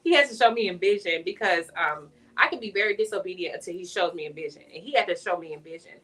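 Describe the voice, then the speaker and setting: A woman's voice: on the low side, fast talker, distant mic. A woman, sharing an emotional personal faith story in an interview as an author guest. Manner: emotional testimony, animated storytelling. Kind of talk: conversational interview.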